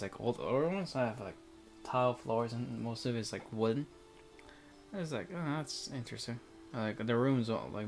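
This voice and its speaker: A man reading a visual novel aloud with casual, rambling commentary full of fillers. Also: lowish voice.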